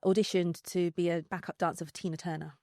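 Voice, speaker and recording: Woman, London accent, podcast guest, animated anecdote, laughs a lot, dry close sound. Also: lowish voice, quick pace, dry recording. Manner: animated, laughing, many fillers and restarts. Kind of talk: casual storytelling chat.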